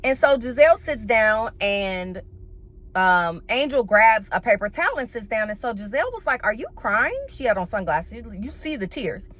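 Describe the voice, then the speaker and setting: A woman's voice: fairly high pitch, moderate pace. A woman giving a casual, blunt and profane recap of a reality TV episode, full of sassy slang. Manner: animated, with playful slang.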